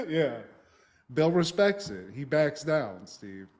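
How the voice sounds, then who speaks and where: Dude cohosting a podcast, kinda high voice, swears a lot and cracks up while recapping. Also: male voice, slow. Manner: profane, animated recapping with frequent laughter. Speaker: podcast co-host. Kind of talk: casual podcast chat.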